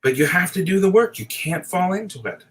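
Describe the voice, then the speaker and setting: A man's voice: sits high, very animated, a little fast, low-quality recording. A middle-aged man delivering an impassioned, profane late-night rant, at times teary. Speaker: video essayist.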